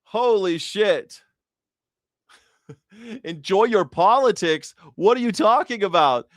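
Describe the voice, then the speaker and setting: A man hosts a casual news reaction stream, swearing freely and mocking with heavy sarcasm. His voice sits somewhat high. The sound is close and dry, with no room in it. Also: lively intonation, slow pace, fairly bright tone, dry recording. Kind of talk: casual political commentary.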